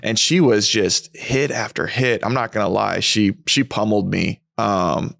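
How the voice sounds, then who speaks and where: A man's voice: on the low side, fairly even intonation, creaky, fairly bright tone, dry recording, studio quality. A man hosting a faith podcast, chatting in a reflective, conversational way. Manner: conversational, reflective, quick back-channel replies. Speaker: podcast host. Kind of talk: casual chat.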